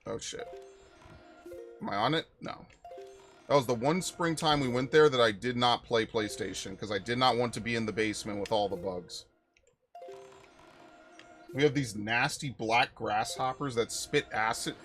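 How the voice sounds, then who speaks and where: Young man, game streamer, casual rambling chat, profane, loud sudden outbursts, mid-pitched voice, faint music behind. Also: moderate pace, pauses often. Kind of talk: casual live-stream chat while playing.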